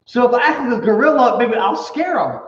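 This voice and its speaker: Guy doing a freaked out dude in a gorilla suit, way high squeaky yelling, muffled roomy sound. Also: expressive, a little fast. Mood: nervous. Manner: high, squealing, shouting for help. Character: nervous man in a gorilla suit, panicking. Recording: echoey hall, far from mic, dull.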